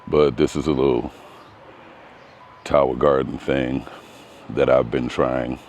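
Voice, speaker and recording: A man's voice: extremely low pitch, steady tone, slow, a little mellow, a little hiss or hum. A man giving a casual vlog walk-through of his home garden outdoors, talking in a hesitant, rambling way with frequent ums. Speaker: gardening vlogger.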